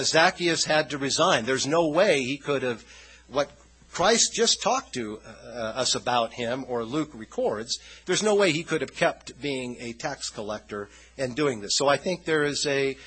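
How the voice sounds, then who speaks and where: Male preacher, husky tone with a bright, forceful edge; chatty, rambling sermon delivery. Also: mid-range voice, expressive, unhurried, poor audio. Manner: conversational, loose and rambling. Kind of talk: informal sermon.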